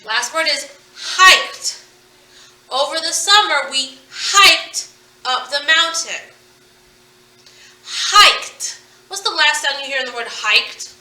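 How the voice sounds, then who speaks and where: A woman's voice: sits high, a little slow, bright, forceful tone, a little hiss or hum. A woman teaching a phonics lesson, playfully stretching and stressing the sounds in each word. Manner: playful, over-enunciating target sounds. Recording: echoey room, distant from the mic.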